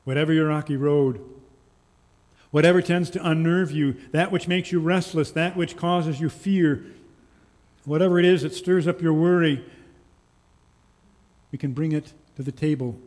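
A male pastor preaching in a church, slow and earnest, with lines that trail off softly. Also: a little high. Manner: slow, earnest storytelling with soft, quiet endings. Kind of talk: sermon. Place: church sanctuary. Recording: long church reverb.

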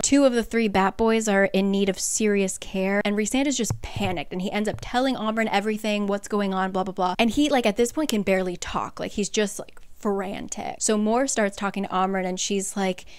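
A young woman casually recapping a novel's plot, chatty and sarcastic, slipping into hushed dramatic quotes. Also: medium pitch, smooth, no room sound. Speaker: book recap creator.

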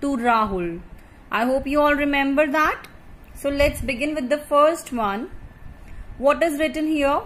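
Woman, Indian English accent, primary school teacher, high bright voice, slow clear questions, faint hiss behind. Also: poor audio. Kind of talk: recorded class lesson for young children.

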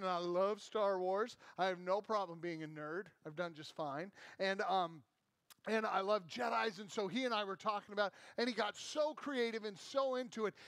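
A man's voice: sits high, a bit bright, no echo. A middle-aged man with an American accent giving a sermon, telling stories casually with many fillers. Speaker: pastor.

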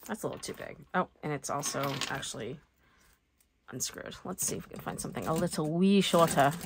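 Low-voiced woman rambling while crafting. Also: expressive, brisk, vocal fry, noisy background. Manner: chatty, self-deprecating, thinks aloud. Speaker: planner vlogger.

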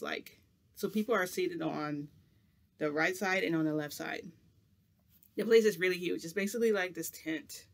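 A man's voice: a little high, creaky, fairly bright tone. A man chatting to camera as a vlogger, telling a long rambling story full of "like" in a casual, chatty way.

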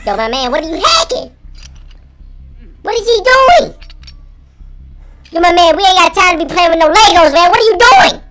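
A man voicing a jittery, jokey chipmunk gamer boy through a pitch-raised effect, giving panicky, slangy game commentary. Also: normal speed, long pauses, slight background noise, full character voice. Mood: jittery banter. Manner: panicky, excitable, slangy banter. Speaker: gaming commentator. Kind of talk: let's-play commentary.

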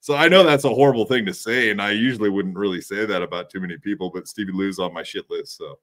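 A man's voice: on the low side, quick pace, fairly bright tone. A man co-hosting a podcast in casual chat, mocking and trash-talking a rival.

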